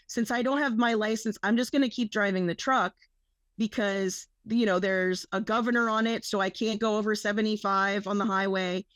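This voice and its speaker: A woman's voice: mid-range voice, no room sound. A young woman co-hosting a podcast, telling a rambling story full of swearing and quoted dialogue. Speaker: podcast co-host. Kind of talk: casual storytelling.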